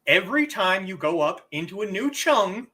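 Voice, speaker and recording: A man's voice: high voice, very animated, normal speed, bright, forceful tone. A man streaming a game, talking casually and poking fun at himself. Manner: chatty, self-deprecating.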